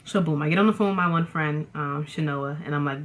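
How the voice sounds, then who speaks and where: Animated young woman telling a storytime. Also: deep voice, fast, few pauses. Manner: animated, dramatic, slangy, addresses viewers as y'all. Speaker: vlogger. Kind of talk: casual storytime chat.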